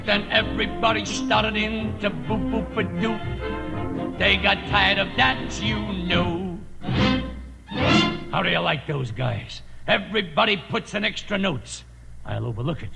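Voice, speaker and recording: A man half speaking, half singing a jaunty 1930s novelty song with gravelly patter on an old record. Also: high-pitched, measured pace. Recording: old record with loud music.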